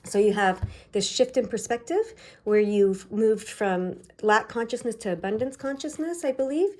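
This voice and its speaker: A woman from Canada's East Coast giving a tarot reading, talking quickly and excitedly with many fillers. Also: a little high. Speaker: tarot reader. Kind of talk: tarot card reading to camera.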